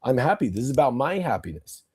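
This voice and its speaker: A man putting on a giddy, shouting voice to mock someone bragging about being happy after a breakup. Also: mid-range voice, very animated, quick pace, breathy edge, dry recording. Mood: manic, shouting. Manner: mocking, over-the-top shouting.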